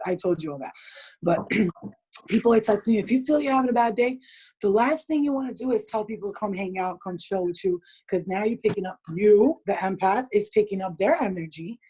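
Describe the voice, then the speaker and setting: Blunt husky woman giving advice. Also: mid-range voice, a little mellow, low-quality recording. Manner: blunt, swears freely, laughs often. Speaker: spiritual healer hosting a group call. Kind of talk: casual advice chat. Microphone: video call.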